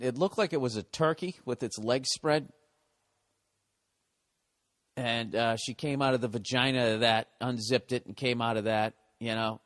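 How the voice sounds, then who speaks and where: A man hosting a podcast, telling a comedic story as a profane, exasperated, sarcastic rant. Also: medium pitch. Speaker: podcast host.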